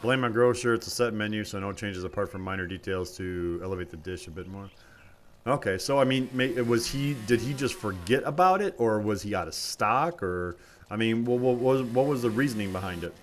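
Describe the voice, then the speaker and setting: A laid-back man with a somewhat low voice talks through a live stream of a logging game. He rambles and thinks aloud, chatting to his viewers between tasks. Faint chainsaw noise runs underneath his voice. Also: a little fast. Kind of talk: casual live-stream commentary.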